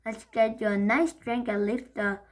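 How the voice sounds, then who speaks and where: A woman's voice: on the high side, steady tone, normal speed, close to an everyday voice. Woman doing a cheerful, soothing mom. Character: cheerful brisk mother smoothing things over.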